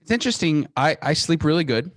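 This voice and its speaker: A man's voice: fairly high pitch, no echo. A man guest on an interview podcast, talking with energy and restarting phrases as he tells business stories. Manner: energetic, animated storytelling with quick restarts. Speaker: guest, company founder.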